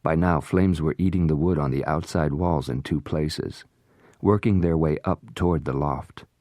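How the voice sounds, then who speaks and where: A man narrating a suspense audiobook in measured, steady storytelling. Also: extremely low pitch, no room sound, clean studio sound. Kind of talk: scripted narration.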